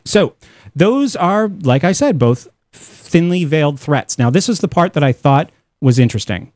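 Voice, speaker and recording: A man hosting a talk radio show with a lively voice that swings up and down as he reads and comments. His pitch sits a little high for a man. The sound is dry and close. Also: moderate pace, no echo. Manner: animated, reads quotes aloud with asides. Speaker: host.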